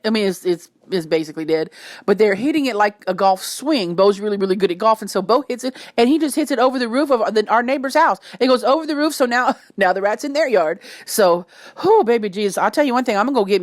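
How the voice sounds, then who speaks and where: Cajun lady telling a crazy story, loud and animated, dry close mic. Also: medium pitch, no echo. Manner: animated, breaks into shrieks and laughter; Southern colloquial speech. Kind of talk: casual storytelling vlog.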